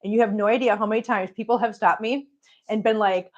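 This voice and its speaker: A woman's voice: mid-range voice, fairly even intonation, fairly quick, lo-fi sound. A middle-aged woman chatting casually on a home livestream, greeting viewers by name as she talks. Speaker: cat channel host.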